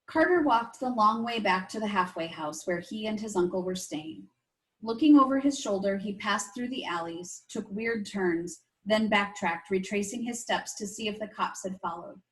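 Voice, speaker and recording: A woman teacher reading a chapter book aloud to her class, expressive and stopping to explain things to the children. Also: medium pitch, normal speed, poor audio. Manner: expressive, asides to young listeners.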